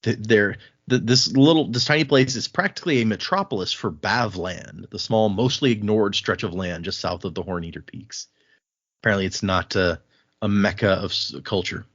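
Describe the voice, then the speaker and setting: A man co-hosting a casual book podcast, recapping the plot in a chatty way and acting out quick bits of dialogue. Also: on the low side, a bit bright, no room sound, highs cut off. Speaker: podcast co-host.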